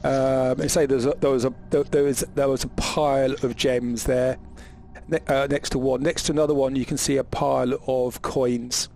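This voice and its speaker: A man narrating as game master, often halting with restarts and ums. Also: medium pitch, level tone, creaky, a little mellow, slight background noise.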